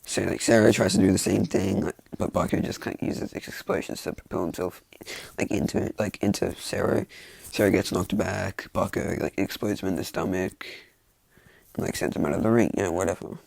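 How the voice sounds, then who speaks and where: Casual male storyteller, deep-ish and very gravelly, husky, rambling with constant fillers. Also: fairly even intonation, brisk, darkish tone, no echo. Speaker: fan fiction storyteller.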